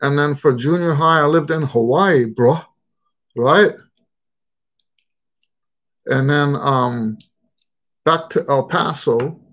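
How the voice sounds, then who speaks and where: A man's voice: a little high, takes it slowly, pauses often, a bit bright. An American man with a mixed, shifting regional accent, hosting a trumpet Q&A live stream in a rambling, casual way with many fillers. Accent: mixed American, Texan and Western Pennsylvania touches. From United States.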